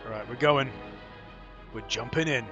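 A man's voice: medium pitch, moderate pace. A man giving casual, joking commentary while he plays a video game for the first time, swearing often. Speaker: gameplay commentator. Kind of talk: casual let's-play commentary. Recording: slightly dull lo-fi with faint game music.

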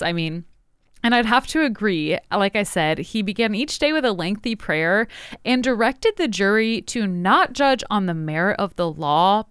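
A woman's voice: mid-range voice, a bit bright, clean tone, dry recording, clean studio sound. A young woman from Tennessee co-hosting a casual podcast, recapping history with sarcastic asides. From Tennessee, USA. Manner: sarcastic, storytelling with laughs. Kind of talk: casual chat.

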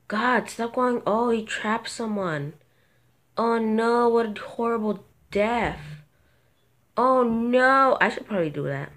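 A woman commentating her own gameplay, excitable and gasping at sudden moments, thinking aloud and talking to viewers. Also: a little high, slow pace. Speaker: gamer.

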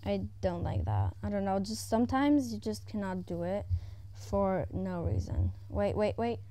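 A woman at home giving casual, excitable commentary as she plays a video game. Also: mid-range voice, a little slow, creaky, dry recording. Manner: excitable, exclaiming often, chatting to herself. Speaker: gaming YouTuber. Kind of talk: casual let's-play commentary.

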